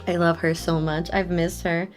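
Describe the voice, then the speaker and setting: A young adult woman chatting casually on a live stream, excitable and often giggling. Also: moderate pace. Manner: giggly and excitable, often breaking into high laughs. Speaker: VTuber streamer. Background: faint background music.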